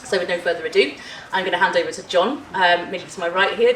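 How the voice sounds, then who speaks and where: A woman's voice: fairly low pitch, racing, hardly any pauses, fairly bright tone, a little hiss or hum. A woman chairing a conference panel, chatty, with many ums and laughs. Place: conference room. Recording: echoey hall, distant mic.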